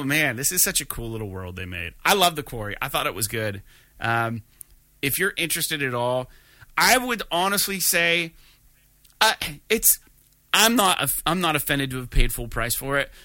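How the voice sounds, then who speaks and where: A man's voice: on the high side, sharp tone, no echo, clean studio sound. A man casually chatting about a video game, rambling with many fillers and restarts.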